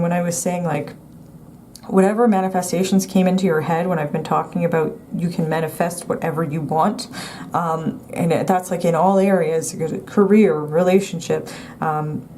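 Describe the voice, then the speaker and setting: Meandering low-voiced woman reading tarot. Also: mellow, slight background noise. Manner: meandering, hedging, with many restarts. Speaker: tarot reader. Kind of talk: pick-a-card tarot reading to camera.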